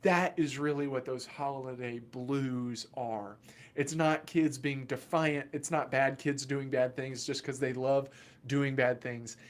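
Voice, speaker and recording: A man, a children's mental health therapist, giving casual educational talk to camera in an animated, joking way with sudden loud asides. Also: mid-range voice, a little slow.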